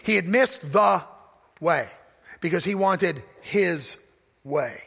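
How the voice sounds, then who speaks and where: A pastor preaching a sermon, with emphatic delivery that swings from loud declarations to hushed asides. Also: male voice, sits high, animated, takes it slowly, creaky, breathy edge. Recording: long hall reverb.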